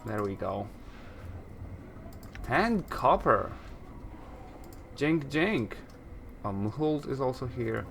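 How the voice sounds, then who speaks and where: A man's voice: mid-range voice, animated, extremely slow, creaky, pauses often, a bit bright, slight background noise. Rambling male let's-play commentator. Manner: rambling, self-correcting, chuckles at himself. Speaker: gameplay commentator.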